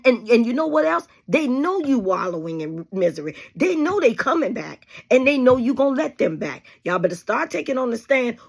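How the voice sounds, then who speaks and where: Emphatic woman with a gravelly, husky voice. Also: fairly high pitch. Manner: preachy and emphatic, calls listeners honey and baby. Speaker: host. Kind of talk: direct-to-camera advice talk.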